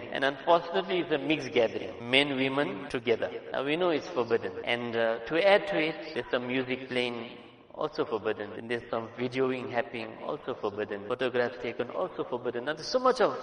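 Earnest male preacher in an echoey hall. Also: mid-range voice. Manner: earnest and emphatic, swings between soft and loud. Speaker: Islamic preacher. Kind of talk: sermon. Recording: echoey hall with long reverb.

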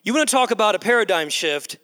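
A man's voice: high-pitched, lively intonation, fast talker, bright, forceful tone, clear, resonant tone. A man preaching a sermon in a large church hall, emphatic and repetitive, calling the crowd "guys". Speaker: pastor. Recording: long echo of a large hall.

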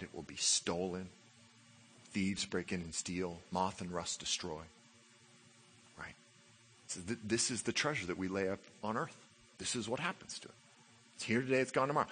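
A man preaching a sermon, building to loud emphatic passages and dropping to low, quiet stretches. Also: a little hiss or hum. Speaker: pastor.

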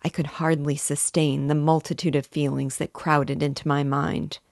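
A woman with a low voice reads a classic novel aloud, measured and expressive. The sound is close and dry, with no room echo. She paces the prose carefully, as a guide through the book. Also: vocal fry.

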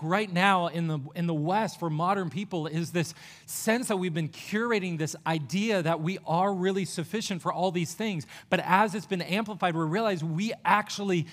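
A man's voice: sits high, a bit bright. Earnest man preaching a sermon. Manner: earnest, conversational preaching with quick bursts and pauses. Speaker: pastor.

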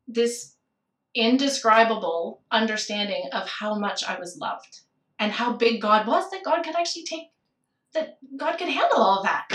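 A woman's voice: a little high, fairly bright tone, roomy sound, far from the mic. A woman candidly telling a personal story of grief, reflective and at times tearful. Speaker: guest sharing a personal story.

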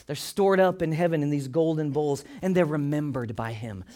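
A male pastor delivering a Sunday sermon in a fairly high voice. He preaches with animated energy, rising into loud, excited bursts and then sinking into soft, hushed asides. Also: normal speed.

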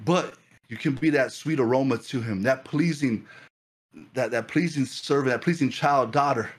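A man preaching a fervent sermon as pastor, repeating phrases and building excitement. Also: mid-range voice, normal speed, slightly rough.

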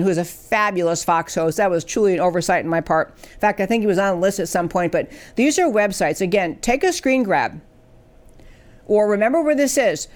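A woman hosting a political talk show, speaking emphatically and asking rhetorical questions. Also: mid-range voice. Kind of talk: political commentary.

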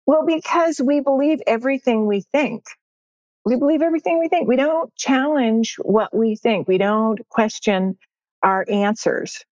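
A woman's voice: fairly high pitch, unhurried, a little mellow, no room sound. An older woman, a success coach, speaking as a podcast guest in an upbeat, emphatic way and repeating her key phrases. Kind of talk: podcast interview.

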